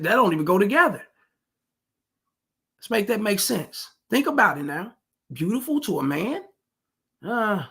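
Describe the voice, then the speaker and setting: A man's voice: high-pitched, fairly bright tone, slightly rough. A man giving casual reaction commentary on dating, slangy and emphatic, who keeps calling his listeners fellas and bro.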